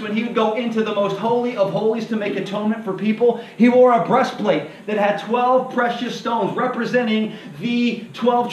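A male pastor preaching a sermon in a lively, animated way, acting out the voices of people in the story and asking the congregation to repeat lines after him. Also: sits high. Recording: echoey hall, heard from a distance.

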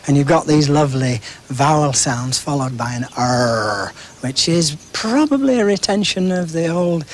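An older man, a dialect scholar, explaining pronunciation in a measured interview manner with examples. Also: mid-range voice, a little hiss or hum.

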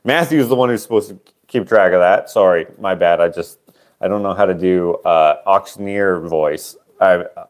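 A man's voice: sits low, normal speed. A man casually auctioning his own handmade sculptures on a livestream, rambling and self-deprecating, trailing off with fillers.

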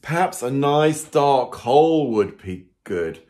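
A man voicing a gentle male dog who is hunting for a comfy place to sleep, read close to his own voice. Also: medium pitch, animated, takes it slowly. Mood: sleepy, wondering.

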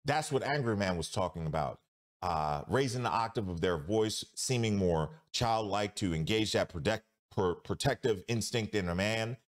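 A man hosts a reaction commentary, his voice sitting low but leaping up and down with emphasis. He talks emphatically and stretches out his exclamations. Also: lively intonation, moderate pace. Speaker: host.

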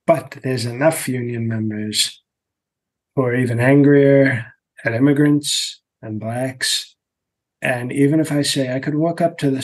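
A man's voice: mid-range voice, close to an everyday voice, poor audio. A man doing a parody impression of a brash, boastful older male politician who rambles crudely with sudden restarts.

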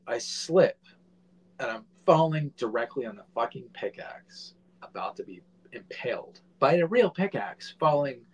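A man in his forties, a filmmaker guest, telling a casual anecdote in an animated way and swearing freely. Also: medium pitch, husky, poor audio.

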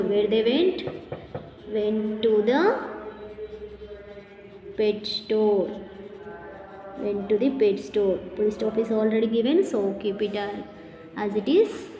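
Slow echoey Indian woman teacher. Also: fairly high pitch, warm tone. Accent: Indian English. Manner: slow, repetitive, addresses children, drills words aloud. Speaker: school English teacher. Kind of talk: classroom lesson recording. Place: school classroom. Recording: echoey room, noisy class behind.

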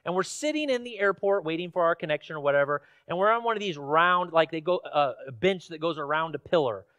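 High-voiced man preaching a conversational sermon. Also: fairly bright tone, clear, resonant tone, dry recording. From Washington State, USA. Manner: conversational storytelling with fillers, rising to emphatic questions. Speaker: pastor. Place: church sanctuary.

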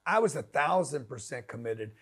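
A man's voice: medium pitch, lively intonation, normal speed, a bit bright, breathy edge. A man giving a blunt, slangy motivational talk as a business coach, pushing the listener hard.

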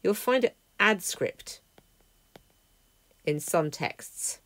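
Low-voiced woman teaching Greek. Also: lively intonation, extremely slow, fairly bright tone, dry recording. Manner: clear, methodical explaining, word by word. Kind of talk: lesson walkthrough.

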